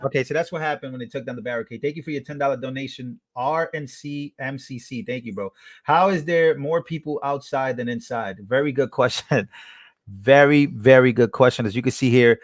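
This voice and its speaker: A man's voice: mid-range voice, a little fast, no echo, studio quality. A man hosting a live stream, giving casual commentary and repeating himself as he reacts to clips. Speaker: livestream host.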